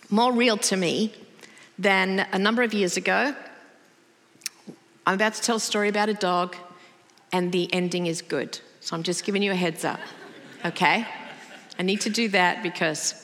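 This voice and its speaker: A middle-aged woman pastor giving a sermon, telling a personal story in a conversational, animated way. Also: mid-range voice. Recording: long reverb of a large hall.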